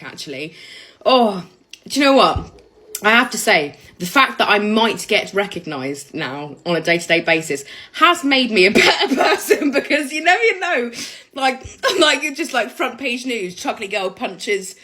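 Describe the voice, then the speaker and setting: Woman vlogger, young, bright voice, animated, sweary, laughs a lot. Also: medium pitch, normal speed, poor audio. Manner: sweary, laughs loudly and often. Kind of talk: casual storytelling to camera.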